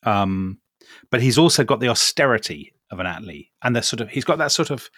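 A man co-hosts a casual history podcast, chatty and hesitant, tossing in wry asides. His medium-pitched voice is expressive, brisk and fairly bright, captured in a dry, clean studio recording.

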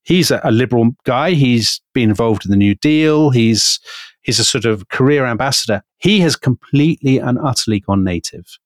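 A man's voice: mid-range voice, no room sound. British man telling history with gusto. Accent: British English. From Britain. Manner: animated, storytelling, quotes figures with emphasis. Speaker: podcast co-host. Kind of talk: history podcast storytelling chat.

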